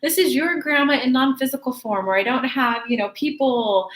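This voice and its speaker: A woman's voice: high voice, normal speed, reverberant, lightly acted. Giggly grandma spirit played by a woman. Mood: doting. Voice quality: giggly, doting tone. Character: giggling elderly grandmother spirit, playful and affectionate.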